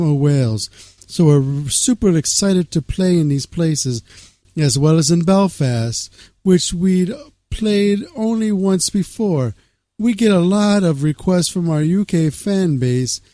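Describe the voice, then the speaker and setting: A man doing an upbeat male rock musician, eager and excited, pitched slightly higher than usual. He talks in a raised announcing tone. The sound is dry and close. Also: no echo.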